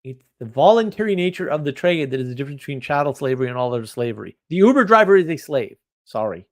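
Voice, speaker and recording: A man's voice: fairly high pitch, very animated. Rambling, opinionated man on a livestream. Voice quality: rambling, opinionated, quick shifts in loudness. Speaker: livestream host. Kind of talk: casual livestream chat reading viewer comments.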